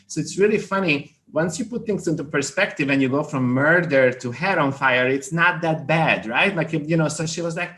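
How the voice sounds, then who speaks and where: A man telling a funny story in a casual interview, animated, with many fillers and restarts. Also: fairly high pitch, fairly quick, hardly any pauses. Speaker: skin care company president, guest.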